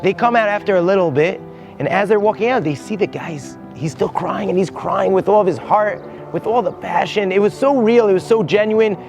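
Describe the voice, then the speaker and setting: A man's voice: high voice, fairly quick, gravelly, music in the background. A man, a rabbi, telling a heartfelt story on location outdoors at a holy site. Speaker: rabbi and guide.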